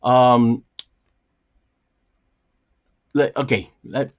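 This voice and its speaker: A man hosting a movie review show from a small bedroom studio, talking in a rambling, animated way with many fillers and a strained, coughing voice. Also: medium pitch, takes it slowly. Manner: animated, jumps around, many fillers and restarts. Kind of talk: casual rambling commentary.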